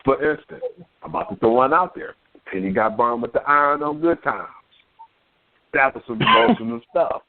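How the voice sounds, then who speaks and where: A man of middle pitch talks sports with a lively, swooping voice and keeps finishing his points with "man". The audio is narrow and tinny, like a phone call. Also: moderate pace. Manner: animated, laughs often, punctuates lines with "man". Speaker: sports talk podcast co-host. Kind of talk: casual sports banter.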